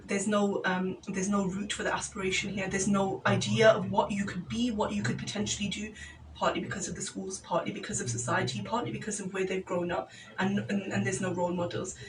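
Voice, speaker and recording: A woman's voice: mid-range voice, little pitch movement, a little fast, far from the mic, background noise. A woman, a community organiser guesting on a radio talk show, making her points passionately and fluently. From Birmingham, England. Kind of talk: casual radio discussion.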